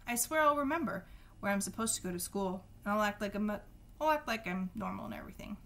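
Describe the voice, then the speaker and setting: A cool-headed teenage boy from a storybook, as a woman reads him. He talks calmly and chooses his words with care. The reader keeps close to her own middle-pitched voice. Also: fast. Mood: calm, pleading.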